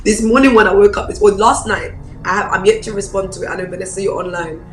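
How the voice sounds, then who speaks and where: A woman pastor, preaching a personal testimony in an animated storytelling way. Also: medium pitch, fast, roomy sound, faint music behind, poor audio. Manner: animated storyteller, acts out quoted voices.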